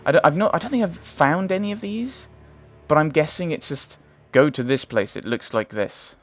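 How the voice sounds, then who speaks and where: A man's voice: fairly high pitch, expressive, moderate pace. A man hosting a let's play, thinking aloud in casual gameplay commentary, hesitant and often trailing off.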